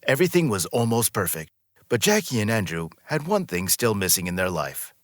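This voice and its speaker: A man narrates a scripted story a little fast, using a low voice with lively rising and falling pitch. Recorded close to the mic in a dry setting free of room echo, his reading flows smoothly and evenly.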